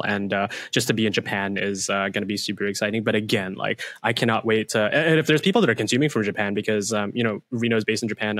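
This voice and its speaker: A man co-hosting a casual gaming podcast, rattling along at a brisk clip and piling up fillers as his excitement runs ahead of him. His voice sits a little low, and the recording is close and dry with no room sound. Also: no room sound. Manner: excitable, rambling, many fillers. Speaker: podcast co-host. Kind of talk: casual chat.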